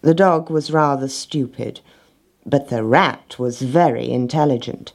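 A woman reading a children's storybook aloud in a gentle, measured way. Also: rumbling low, vocal fry.

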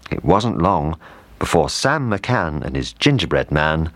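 A man with a very deep voice reads a children's story, his tone rising and falling with lively expression. He paces it gently and slows down for dramatic moments. The recording is dry and close. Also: dry recording.

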